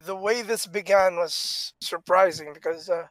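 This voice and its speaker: A man co-hosting a casual chat, animated, laughing often and talking with plenty of fillers and restarts. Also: high voice, a little slow, dry recording. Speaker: podcast co-host.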